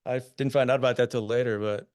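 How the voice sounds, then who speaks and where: A man's voice: mid-range voice, fairly even intonation, fast, clean tone, dry recording, clean studio sound. An American man in his fifties, a podcast guest telling war stories in a casual, laughing way. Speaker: podcast guest, army veteran. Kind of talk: casual storytelling.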